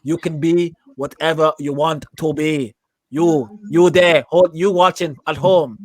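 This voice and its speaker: A man putting on a slow, imploring impression of a wrestler's promo, with an accent that wanders. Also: a little high, breathy edge, no echo, voice pushed down.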